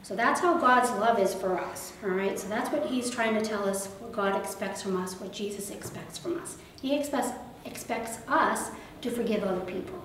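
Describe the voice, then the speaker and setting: A woman leading a children's liturgy, retelling a gospel parable in a gentle, conversational way and asking the children questions. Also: fairly high pitch, a little hiss or hum. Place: church or parish hall. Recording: very echoey room, mic far off.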